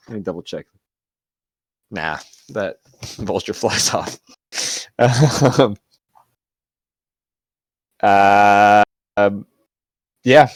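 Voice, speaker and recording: A man's voice: fairly low pitch, no room sound. A man running a tabletop game as game master, narrating casually with loose, rambling descriptions and frequent laughs.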